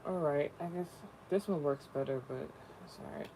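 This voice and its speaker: A man's voice: a little high, normal speed, gravelly, very noisy. A young man rambling casually and profanely in slangy vlog talk. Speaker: spiritual content creator.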